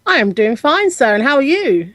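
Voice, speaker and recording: A playful woman joins a tabletop game over a video call, her voice high and bouncing around a lot. She sounds close and dry, with little room behind her. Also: sing-song, moderate pace, a bit bright, no echo. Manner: playful, giggly, tries a Southern drawl. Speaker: player.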